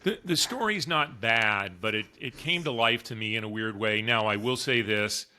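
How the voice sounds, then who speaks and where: A man's voice: lowish voice, moderate pace, bright, forceful tone. A man co-hosting a sports podcast who gives candid, blunt opinions in casual chat. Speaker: podcast co-host.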